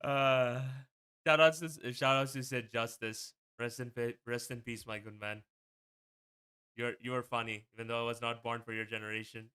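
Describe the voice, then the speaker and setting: A young man streaming live with a bright, sharp voice that comes through smooth and clean. He rambles casually and swears freely as he chats to his viewers. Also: medium pitch, steady tone, moderate pace. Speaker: streamer hosting a watch party.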